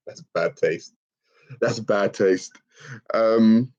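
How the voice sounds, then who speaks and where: A middle-aged man, casually chatting on a livestream and reading out comments, laid-back and quick to laugh. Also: on the low side, wildly swooping pitch, creaky, a little mellow. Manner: laid-back, laughs often, calls people bro. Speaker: livestream host. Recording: dull lo-fi stream audio.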